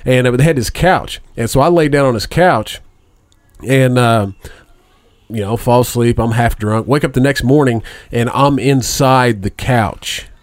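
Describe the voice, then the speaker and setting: A man's voice: medium pitch, moderate pace, dry recording. A middle-aged man telling a long profane story in a casual chat, rambling and laughing at his own tale.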